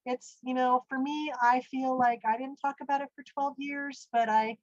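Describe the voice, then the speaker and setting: A woman's voice: high voice, fairly even intonation, moderate pace, dry recording, highs cut off. A woman from the United States telling her own story as an interview guest, earnest and rambling with many asides. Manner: earnest, rambling, full of "you know" and "literally". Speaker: guest recounting a near-death experience. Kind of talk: conversational storytelling.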